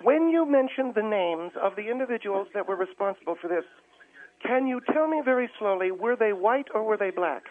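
A man's voice: high voice, lively intonation, brisk, pitched above the performer's own voice. A man voicing an insistent, self-righteous middle-aged woman calling in to a radio show. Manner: insistent, demanding, repeats herself. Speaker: caller. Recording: tinny phone line.

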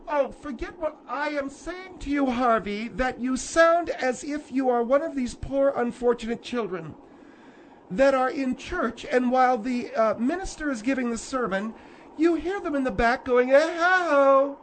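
A man's voice: extremely high pitch, normal speed, a little hiss or hum. An actor playing a prim, nosy older woman and mother who scolds and preaches at the others. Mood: scolding.

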